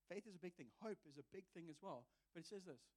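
A man's voice: high-pitched, lively intonation, fast talker, a little mellow. A man preaching a sermon, earnest and confessional, telling a personal story with self-mocking humour. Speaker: visiting preacher.

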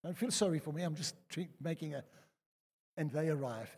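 An older South African man preaching a sermon, telling personal stories in a chatty way that swings between loud and hushed. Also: on the high side, normal speed, a faint crowd. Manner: conversational storytelling, lively swings from loud to hushed. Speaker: pastor. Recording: reverberant church hall.

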